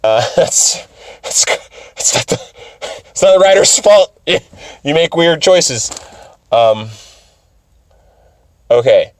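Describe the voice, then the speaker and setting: A man casually recaps an anime for his video, swearing freely and laughing as he goes. His pitch swings in a lively way. The recording is dry and close, with no room sound. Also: slow, pauses often, dry recording. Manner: animated, profane, laughs often. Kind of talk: casual commentary.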